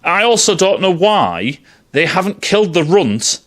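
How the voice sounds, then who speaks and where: A man's voice: high-pitched, very animated, unhurried, a bit bright. Sarcastic, profane man. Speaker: film reviewer. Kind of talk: ranting casual film review.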